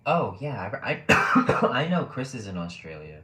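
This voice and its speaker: A man's voice: medium pitch, big pitch swings, unhurried, sharp tone. A man casually chatting with his live stream audience, joking, laughing often and rambling with fillers. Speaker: live streamer reading chat. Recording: roomy echo, faint background noise.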